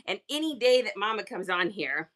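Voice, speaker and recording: A woman's voice: medium pitch, sing-song, normal speed, a bit bright, pitched below the performer's own voice. A woman voicing her sweet, pampered female pet dog, cheerful and doting.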